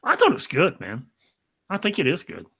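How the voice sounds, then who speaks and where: A man's voice: fairly high pitch, wildly swooping pitch, fairly quick, vocal fry, bright, forceful tone, breathy edge. A man co-hosting a casual comic book podcast, who stammers and repeats words while he talks and has a cold. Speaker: podcast co-host.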